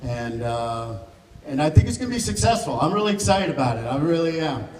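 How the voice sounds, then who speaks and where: A man's voice: fairly high pitch, big pitch swings, a little fast. A man giving a rambling, joking thank-you speech at an event, chuckling often and close to tears. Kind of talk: emotional off-the-cuff speech. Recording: echoey hall from far off, noisy room.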